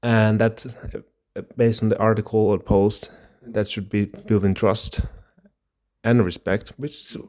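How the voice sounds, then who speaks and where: Low-voiced man musing on a podcast. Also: little pitch movement, a little slow, a little mellow. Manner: rambling, with restarts and laughs. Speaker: podcast co-host. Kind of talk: casual chat.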